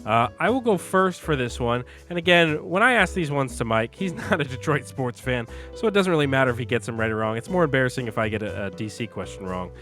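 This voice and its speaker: A man in the middle of his range chats loosely as a podcast co-host, tossing out quips and laughing easily at his own missteps. Soft music hums faintly behind him. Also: mid-range voice, expressive, fast, hardly any pauses. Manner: jokey, laughs often, self-deprecating. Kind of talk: casual sports chat.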